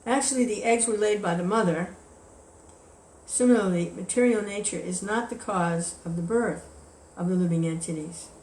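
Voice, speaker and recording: A woman teaching a devotional scripture class, telling a story in a relaxed, chatty way. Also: medium pitch, moderate pace, slight background noise. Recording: echoey room with faint ambience.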